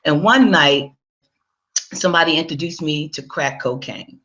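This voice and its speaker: A woman's voice: low voice, normal speed, bright, forceful tone, dull audio. Woman telling her story to listeners. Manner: conversational storyteller, addresses listeners directly; acts out her own past dialogue. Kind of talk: personal testimony talk.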